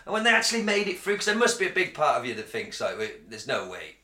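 A man co-hosting a podcast, talking in an excitable, animated way with constant swearing. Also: high-pitched, very fast. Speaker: podcast co-host. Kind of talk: casual chat. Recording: roomy echo.

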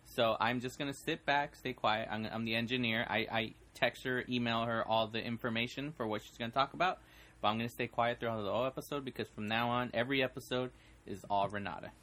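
A man co-hosts a podcast and runs its tech. He talks at a middle pitch and chats casually, teasing and joking as he goes. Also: steady tone, fast talker, pushed and bright. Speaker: podcast engineer and co-host. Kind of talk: casual chat.

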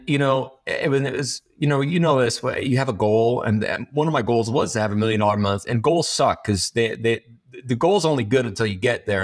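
A man speaking as an interview guest, frank and rambling, swearing freely and restarting his sentences often. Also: mid-range voice. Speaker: guest entrepreneur. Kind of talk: candid conversational interview.

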